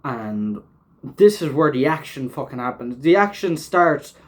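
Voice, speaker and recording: A man's voice: mid-range voice, big pitch swings, a little slow. A man hosting a casual reaction recap of an episode, rambling with lots of fillers and frequent swearing. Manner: rambling, filler-heavy, swears often, laughs while talking. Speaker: show host reviewing an episode.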